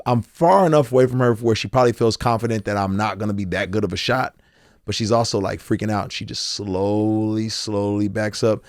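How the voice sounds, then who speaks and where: Low-voiced man telling a candid story. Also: no room sound, studio quality. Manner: animated storyteller, acts out quotes. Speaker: guest.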